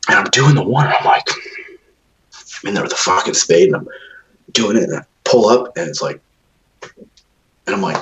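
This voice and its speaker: A man co-hosting a podcast, his very deep voice rough with gravel. He tells rambling, profanity-filled stories in loose casual chat, and his pitch swings widely as he goes. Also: lively intonation, normal speed, pauses often, fairly bright tone, slight background noise, poor audio. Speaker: podcast co-host.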